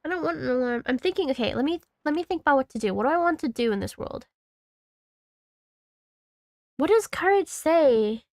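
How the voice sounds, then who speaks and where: A woman's voice: high-pitched, animated, quick pace, a little mellow, no echo, clean studio sound. A woman in her thirties streaming a game, rambling casually to herself and her chat and swearing freely. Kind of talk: casual gaming commentary.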